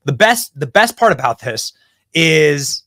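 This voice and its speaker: Animated, indignant male commentary host. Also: fairly high pitch, unhurried, no room sound, studio quality. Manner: indignant, exclaiming and mocking. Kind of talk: reaction commentary on news clips.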